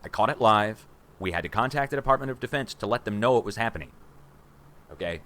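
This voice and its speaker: A man in his forties hosting a rambling livestream from a room at home, excitable and conspiratorial, talking to viewers as guys. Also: lowish voice, quick pace. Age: 40s. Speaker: livestream host.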